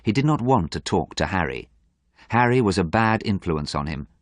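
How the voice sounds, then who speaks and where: A man reading a story aloud for English learners, slowly and clearly in simple storytelling. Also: low-pitched, lively intonation, no echo, studio quality. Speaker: narrator.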